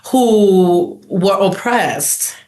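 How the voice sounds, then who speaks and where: This New York City woman in her forties is a podcast guest who speaks casually and outspokenly, laughing often and acting out other people's voices in her stories. Her voice is medium-pitched and warm, and she talks very slowly.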